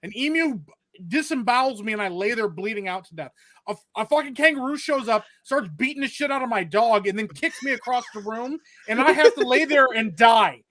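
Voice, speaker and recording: A man from Michigan ranting with animated, profane humor in a casual podcast chat. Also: extremely high pitch, a little fast. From Michigan, USA.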